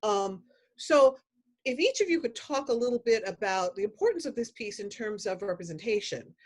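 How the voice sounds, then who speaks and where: A woman moderating a virtual film panel, animated and quick to laugh. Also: mid-range voice.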